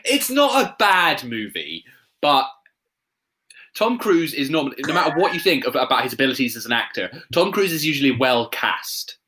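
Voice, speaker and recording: A man co-hosting a casual film podcast, with dry, sarcastic asides. His voice is bright and tense, with a mid-range pitch. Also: very animated, normal speed. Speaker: podcast co-host.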